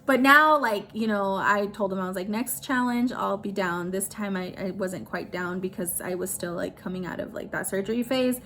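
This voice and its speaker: A woman's voice: medium pitch, normal speed, hardly any pauses, bright, forceful tone, slight background noise. A woman talking casually and emotionally in a personal vlog, with lots of "like" fillers. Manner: chatty, emotional, heavy use of "like". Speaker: vlogger.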